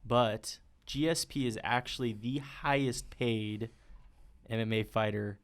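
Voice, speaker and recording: A man's voice: mid-range voice, steady tone, a little slow. Teasing, confident man in casual debate. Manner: confident, teasing, laughs often. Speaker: podcast co-host arguing a debate side.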